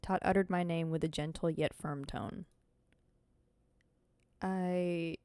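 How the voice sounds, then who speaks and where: A woman streamer reading a visual novel aloud and breaking off into animated, slangy, swearing reactions to her chat. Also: deep voice, measured pace, pauses often, clear, resonant tone, dry recording.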